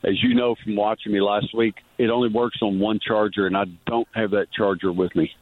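Guy phoning in to a radio show, rambly animated storyteller, thin tinny phone sound, real dry. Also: fairly low pitch, brisk, dry recording. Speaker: guest journalist. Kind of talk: casual radio chat.

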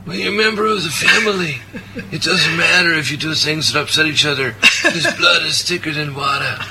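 A man's voice: on the high side, brisk, noisy background, pitched above the performer's own voice, close to an everyday voice. A man voicing a jovial Italian family man in a sloppy put-on Italian accent. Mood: hearty.

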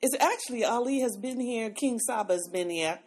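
A woman hosting a podcast in casual chat, upbeat and halting as she brings the guests in. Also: a little high, lively intonation, a little mellow, breathy edge. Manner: upbeat, halting, repeats words. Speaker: podcast host.

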